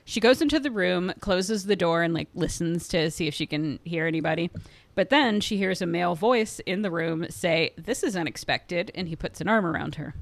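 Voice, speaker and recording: Woman co-host, lowish voice, wry plot recapper, dry mic. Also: moderate pace, vocal fry, few pauses, dry recording. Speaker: podcast co-host. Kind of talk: book recap, casual chat.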